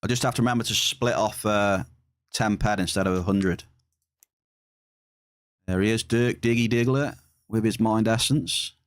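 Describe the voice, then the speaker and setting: A man's voice: lowish voice, normal speed, long pauses, no room sound, studio quality. Playful man streaming a game. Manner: playful, teasing banter with chat. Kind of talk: live game stream commentary.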